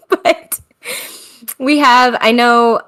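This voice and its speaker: A woman's voice: on the high side, extremely slow, a bit bright, clear, resonant tone. An American woman hosting a podcast in casual chat, tired, chatty and self-mocking, laughing often. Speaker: podcast host.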